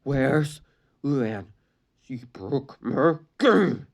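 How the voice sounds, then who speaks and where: An excitable young boy in a fan story, voiced by a reader, quick to shout and fret. His lines come raised and energetic, with the pitch jumping all over the place. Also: creaky, exaggerated voice. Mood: upset.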